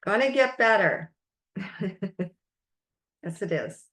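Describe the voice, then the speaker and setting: Slow, encouraging woman life coach. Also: mid-range voice, expressive, fairly bright tone. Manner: slow, encouraging, emphatic teaching with quotes. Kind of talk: recorded coaching masterclass.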